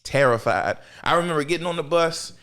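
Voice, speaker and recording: Animated young man telling a story. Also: brisk. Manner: animated, jumps into high voices for quoted people. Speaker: podcast host. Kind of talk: casual storytelling.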